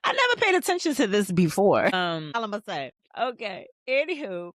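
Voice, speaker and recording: A woman hosting a TV show rewatch, recapping scenes in a rambling, animated, profane way. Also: mid-range voice, moderate pace, dry recording, studio quality. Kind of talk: casual episode recap and commentary.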